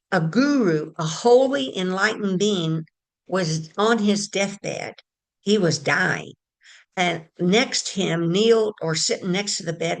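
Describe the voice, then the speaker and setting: A woman giving a casual spiritual talk, telling a story in a chatty way and addressing her listeners directly. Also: lowish voice. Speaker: spiritual teacher.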